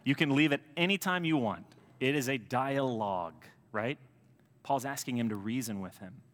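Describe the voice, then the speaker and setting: Bright, forceful American priest preaching. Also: male voice, medium pitch, moderate pace. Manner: animated storytelling with emphatic swings in loudness. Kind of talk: sermon. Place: church sanctuary. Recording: long church reverb.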